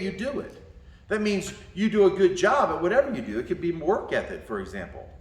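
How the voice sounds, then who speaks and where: A male martial arts instructor talking to his students, a lively storyteller who acts out voices and laughs often. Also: fairly high pitch. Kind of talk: talk to students. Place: indoor training room. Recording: echoey room.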